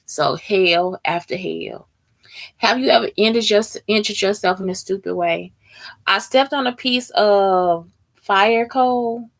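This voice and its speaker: A woman with a mid-range voice speaks at a slow pace, hosting a casual chat. She tackles question prompts bluntly with heavy profanity and talks directly to her audience as "y'all."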